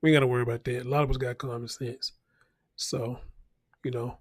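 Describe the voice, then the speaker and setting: A man's voice: mid-range voice, flat delivery, a little fast, pauses often, dry recording, studio quality. A man hosting a casual news commentary show, talking bluntly and profanely and repeating his points for emphasis. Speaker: show host.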